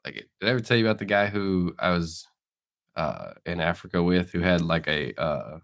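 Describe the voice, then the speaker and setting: A man's voice: deep voice, expressive, a little fast, vocal fry, fairly bright tone. A man co-hosting a podcast, telling rambling stories with lots of fillers and laughs, still getting over being sick. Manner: rambling storyteller, laughs often, many fillers. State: recovering from illness. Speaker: podcast co-host. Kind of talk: casual chat.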